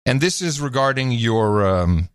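A man's voice: mid-range voice, animated, a little slow, clear, resonant tone, dry recording, clean studio sound. A man co-hosting a podcast, chatting and laughing in an upbeat way. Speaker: podcast co-host. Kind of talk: casual podcast chat.

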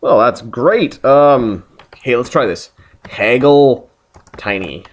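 A man's voice: mid-range voice, very animated, slow, breathy edge. A man hosting a casual video game playthrough, joking around and reading the game text aloud. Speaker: let's play host.

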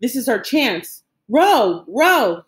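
A woman's voice: on the high side, unhurried, roomy sound, voice pushed up, natural voice. Desperate refugee mother read by a woman, urgent, pleading, audiobook.

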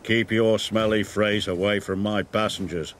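A man's voice: on the low side, fairly even intonation, a little slow, slight background noise, pitched below the performer's own voice, close to an everyday voice. A man voicing a proud, grumpy male express engine who grumbles haughtily. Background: loud background music.

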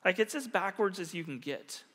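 A middle-aged man preaching a sermon, telling a story earnestly with quiet pauses and soft, lowered endings. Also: lively intonation. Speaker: pastor. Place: church hall. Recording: long reverb of a large hall.

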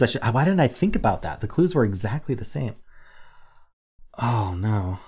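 Young guy mumbling through word puzzle guesses, lowish voice, keyboard clicking behind him. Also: big pitch swings, moderate pace, darkish tone, slightly rough. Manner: muttering guesses, self-deprecating, mock-dramatic. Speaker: word game streamer. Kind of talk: casual thinking aloud while playing.

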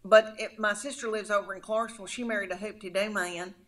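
A woman's voice: mid-range voice, fairly quick. A woman in her fifties from Middle Tennessee with a thick rural drawl, chatting in a folksy, storytelling way as a comedian guest. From Middle Tennessee, USA. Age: 50s. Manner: storytelling, folksy, animated, calls people honey. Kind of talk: casual chat.

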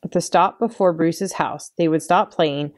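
Low-voiced woman reading a story aloud. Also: moderate pace. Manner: expressive, storytelling. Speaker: children's librarian. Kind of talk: read-aloud storytime narration.

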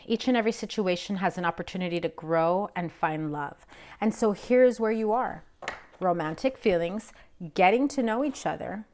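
A young woman with a slightly low voice talks straight to camera through a tarot reading. She is blunt and emphatic, chatty, leaning on fillers as she goes. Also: a little mellow. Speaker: tarot reader.

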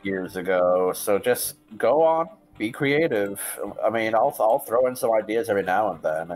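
A laid-back man with a very low voice chats dryly as a guest in a gaming session. Soft game music runs underneath. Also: animated, normal speed, low-quality recording. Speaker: guest co-player. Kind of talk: casual gaming chat.

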